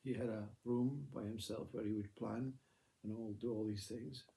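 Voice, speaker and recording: Gravelly, dark-voiced male storyteller. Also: lowish voice, fairly even intonation. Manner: measured, repetitive, gently emphatic. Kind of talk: spoken parable.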